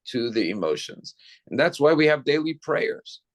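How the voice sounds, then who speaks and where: A man's voice: medium pitch, big pitch swings, normal speed. A man giving a sermon as a rabbi, explaining step by step and asking the listeners rhetorical questions.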